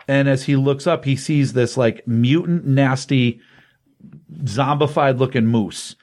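On his comics podcast, a man retells a comic book story in a relaxed, chatty way, dipping into quoted lines now and then. He has a mid-range voice and tells it with animation, tossing off quick voiced quotes.

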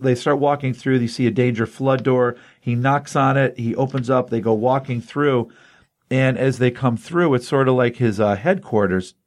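Casual guy on a comic podcast, middle pitch, rambles excitedly through the story. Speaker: comic book podcast host. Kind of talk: casual chat retelling a comic.

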